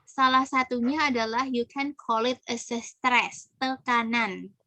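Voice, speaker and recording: Young Indonesian woman, English teacher, high bright voice, dry close sound, quizzing students. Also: steady tone, measured pace, no echo, low-quality recording. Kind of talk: pronunciation lesson.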